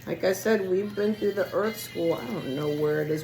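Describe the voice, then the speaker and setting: A woman's voice: on the low side, moderate pace, few pauses, a little mellow, low-quality recording. A woman giving a casual spiritual card reading, chatty and loose with her words, talking straight to the listener and losing her voice. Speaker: tarot reader. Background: music playing.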